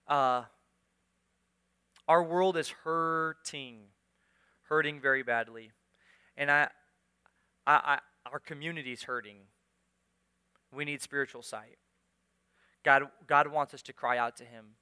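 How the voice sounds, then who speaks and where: Hombre predicador de voz clara y brillante. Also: male voice, a little high, slow, long pauses, sharp tone, clean tone. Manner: earnest, urging, repeats phrases for emphasis. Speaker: pastor. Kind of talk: sermon. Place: church sanctuary.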